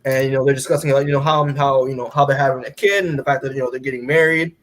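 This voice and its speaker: A man's voice: medium pitch, fairly even intonation, quick pace, fairly bright tone. A man casually recapping a comic book as a podcast co-host, rambling with lots of filler words and casual swearing.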